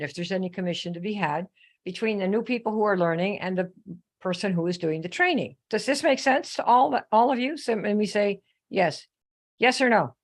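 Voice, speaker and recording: Chatty woman host telling a sales story. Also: mid-range voice. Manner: chatty, animated storytelling with asides to viewers. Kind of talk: live online coaching talk.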